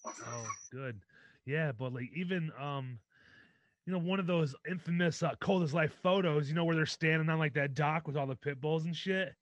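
A man's voice: on the high side, moderate pace, muffled recording. A man hosting a podcast, laid-back and casually swearing, chatting with a guest. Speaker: podcast host.

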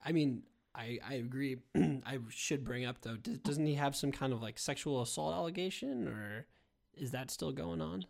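A man's voice: mid-range voice, moderate pace, vocal fry, darkish tone. A man co-hosting a casual sports podcast, earnest and folksy. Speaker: podcast co-host.

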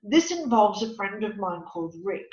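A woman working as a psychic medium and counsellor, telling a story in an animated, dramatic way during an interview. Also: mid-range voice, normal speed. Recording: echoey, dull lo-fi room.

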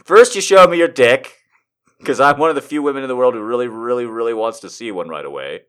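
Lively and fast, this medium-pitched male voice sounds smooth and a touch bright. Reading erotica aloud for comedy, he goes mock-dramatic, jumping from hushed whispers to shrieks and interrupting himself with laughter and swearing.

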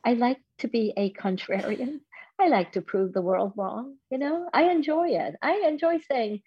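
A woman's voice: a little high, expressive, normal speed, breathy edge, no echo, muffled recording. A woman in her fifties telling a personal story in an interview, candid and self-deprecating. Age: 50s. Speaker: guest.

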